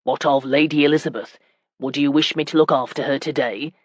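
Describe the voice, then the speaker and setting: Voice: mid-range voice, fairly even intonation, a little fast, dry recording, lo-fi sound, lightly acted. A narrator voicing a respectful, loyal medieval knight in an audiobook, speaking deferentially.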